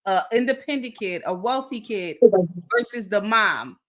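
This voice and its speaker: A woman's voice: mid-range voice, lively intonation, normal speed, sharp tone, slight background noise. Emphatic woman hosting a video-call chat. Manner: emphatic, asks the audience directly. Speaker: host.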